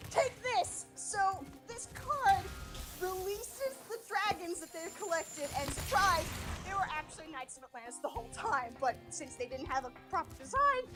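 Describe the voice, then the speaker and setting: A woman streamer chatting casually and swearing a lot as she excitedly recaps a story. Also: very high voice, moderate pace. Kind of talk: casual livestream chat. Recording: game music behind voice.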